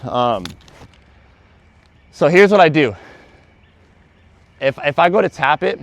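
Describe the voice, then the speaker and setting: A man's voice: slow pace, no echo. Out-of-breath man explaining dog training. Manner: very animated, high excited praise to the dog. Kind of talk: vlog explaining training while working a dog.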